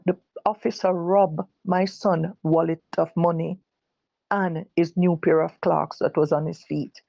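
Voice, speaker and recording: A middle-aged woman with a Jamaican accent gives a personal testimony, stumbling and restarting as she speaks. Her voice is gravelly and set close and dry. The recording sounds dull and lo-fi. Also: lowish voice, no room sound. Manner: halting, self-correcting storytelling with repeated words. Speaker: bereaved mother giving testimony.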